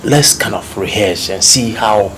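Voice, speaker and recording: A woman's voice: rumbling low, unhurried, music in the background. A woman playing an accomplice who coaches a friend in American slang, bossy and laughing, with a Ghanaian accent. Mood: instructive. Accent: Ghanaian English.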